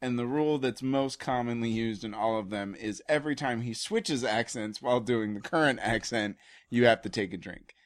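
A man co-hosting a podcast, talking in a relaxed, rambling way. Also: mid-range voice, normal speed. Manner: easygoing, rambling, laughs along. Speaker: podcast co-host. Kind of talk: casual chat. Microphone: podcast microphone.

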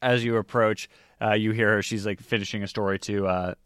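A man's voice: fairly low pitch, fairly even intonation, a little fast, fairly bright tone, clean tone, dry recording, clean studio sound. A man narrating as the game master of a tabletop game in a loose, chatty way with many fillers.

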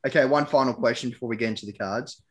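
A man's voice: medium pitch, racing, breathy edge. A man hosting a podcast, asking questions in a playful, jokey way. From Australia. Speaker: podcast host. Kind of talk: casual chat.

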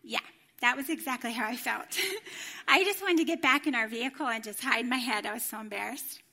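A middle-aged woman giving a sermon in a church, telling a personal story in an animated way and acting out the voices she quotes. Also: fairly high pitch, fairly quick. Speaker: former children's ministry director, church speaker.

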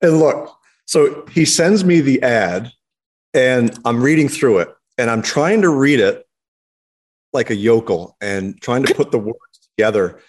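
A man's voice: medium pitch, lively intonation, measured pace, slightly rough. A man, co-hosting a car podcast in a playful, teasing, mock-stern way. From Canada. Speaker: podcast co-host. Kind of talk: casual chat. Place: podcast studio.

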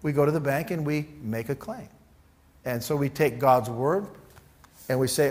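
A man's voice: mid-range voice, moderate pace, long pauses, a little mellow. A middle-aged man preaching a conversational sermon, informal and joking, acting out prayers and Bible quotes in little voices. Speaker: pastor.

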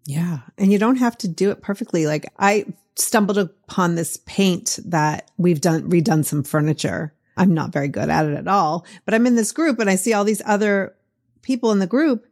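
A woman's voice: on the low side, normal speed, darkish tone. A middle-aged woman with a Boston accent hosting a podcast, chatting in a casual, encouraging way and laughing easily. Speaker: podcast host. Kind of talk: casual interview chat.

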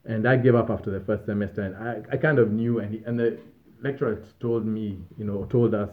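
Brief: male vlogger, lowish voice, rambling self-amused storytelling, tinny phone-like recording. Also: steady tone, brisk. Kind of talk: casual storytelling.

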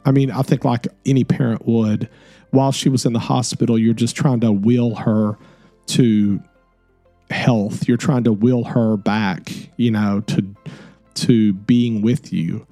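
A middle-aged man hosts his own show and shares a personal story in a soft-spoken, earnest, reflective way. His voice is dark and mellow with a gravelly edge. Quiet music plays faintly behind him. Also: medium pitch, unhurried, no room sound. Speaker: podcast host.

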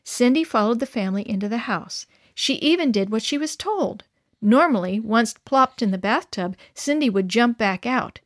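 A woman reading a children's story aloud to young listeners in a gentle, clear, expressive way. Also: fairly high pitch, normal speed, no echo, studio quality.

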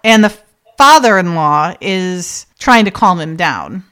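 A woman's voice: lowish voice, slow. A woman co-hosting a casual podcast, recapping a TV episode and acting out the characters' lines with frequent laughs. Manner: animated, acts out characters' lines and laughs often. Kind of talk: casual chat.

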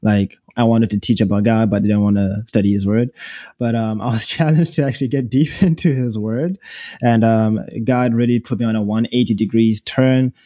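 Young man, Zimbabwean accent, low voice, mellow, dry close sound, earnest podcast chat. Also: steady tone, normal speed, no room sound. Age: young adult. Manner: earnest, with frequent fillers and restarts. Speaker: podcast co-host. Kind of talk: casual faith podcast chat.

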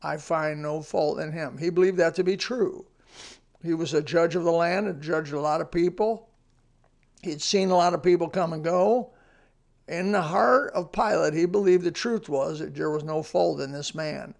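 A man's voice: a little high, moderate pace, gravelly, a little mellow. A man giving a short devotional sermon in a plainspoken, earnest way, with folksy asides. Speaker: radio devotional speaker.

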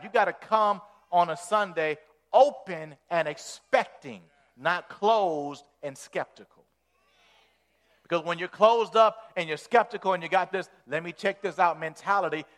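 A male pastor delivers a folksy, animated sermon, often repeating words as he builds momentum. His voice sits somewhat high for a man and rises in force at each climax.

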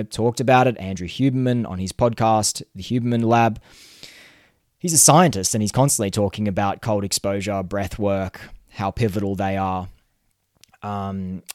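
A man's voice: fairly low pitch, darkish tone, no room sound, clean studio sound. A man hosting a solo podcast, talking earnestly and chattily with lots of fillers and restarts. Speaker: podcast host.

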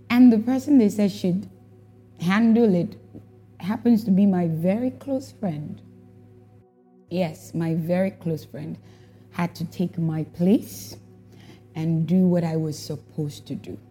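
A woman's voice: lowish voice, warm tone, slightly rough. A woman telling a personal testimony about serving as a worship leader, reflective and emotional, repeating herself as she goes. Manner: reflective, emotional storytelling with repetitions.

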